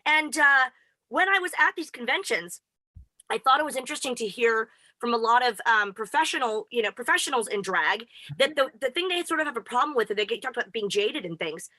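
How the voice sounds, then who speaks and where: A woman's voice: fairly high pitch, lively intonation, fairly quick, sharp tone, dry recording. A woman co-hosting a casual chat, effusive and emotional as a devoted fan. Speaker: co-host.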